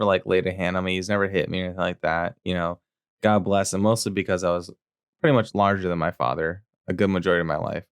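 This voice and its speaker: Speaking fast in a low, smooth, steady voice, this male podcast co-host tells a rambling, crude story packed with fillers during a casual chat. The audio is studio quality with no echo, and he voices the quoted lines loudly.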